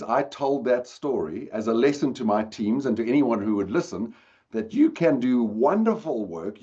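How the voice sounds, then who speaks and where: A middle-aged man giving a storytelling talk, swinging between loud and hushed delivery. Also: mid-range voice, muffled recording. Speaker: speaker.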